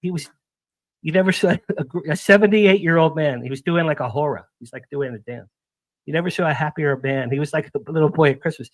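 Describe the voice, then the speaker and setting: A man's voice: a little high, quick pace, no echo. A man talking as a guest on a radio interview show, rambling and jumping between topics in casual chat. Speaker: guest publicist.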